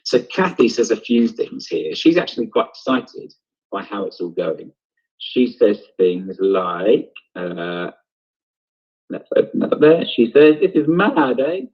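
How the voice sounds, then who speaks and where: Husky-voiced man teaching drama. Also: fairly low pitch, lively intonation, unhurried, darkish tone, dull audio. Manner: explaining step by step, thinking aloud. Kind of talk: online lesson. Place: home, on a video broadcast.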